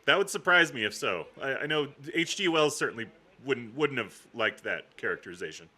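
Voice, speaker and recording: A man co-hosting a movie watch-along, agreeable and chuckling in quick back-and-forth. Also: mid-range voice, lively intonation, pushed and bright. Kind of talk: casual chat.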